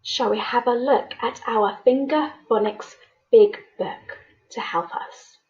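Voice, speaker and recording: With its highs cut off, the recording captures a primary school teacher whose voice is a little high and darkish. She takes children through phonics slowly and in a sing-song tone, encouraging them to repeat each sound with her.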